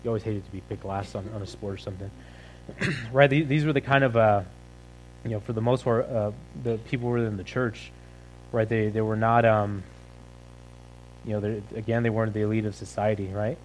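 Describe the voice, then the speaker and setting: A young man giving a sermon in a relaxed, rambling way, full of fillers and repeated "right?" asides. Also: lowish voice, brisk, a little hiss or hum, poor audio. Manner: rambling, filler-heavy, conversational with frequent "right?". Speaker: pastor. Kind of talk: casual sermon.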